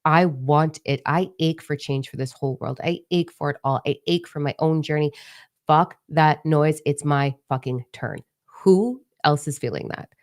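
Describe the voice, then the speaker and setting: A woman's voice: deep voice, moderate pace, a little mellow. A middle-aged woman hosting a spiritual live stream, talking casually and rambling, frank and swearing freely. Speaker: spiritual channel host.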